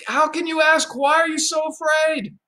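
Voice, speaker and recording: A male pastor voicing a panicked disciple who shouts desperate questions through a storm. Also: very high voice, fairly even intonation, moderate pace, pitched above the performer's own voice. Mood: panicked, yelling.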